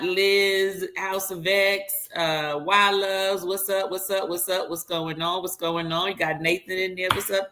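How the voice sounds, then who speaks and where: Bright-voiced woman co-hosting. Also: lowish voice. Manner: relaxed and chatty, greeting viewers with fillers. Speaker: co-host. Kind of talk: casual live-stream chat.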